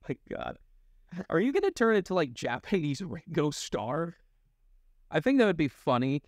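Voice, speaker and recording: A young voice actor co-hosting a casual comedy chat rambles animatedly through his stories, laughing often along the way. His pitch is fairly high and his pace moderate. The recording is dry and of studio quality.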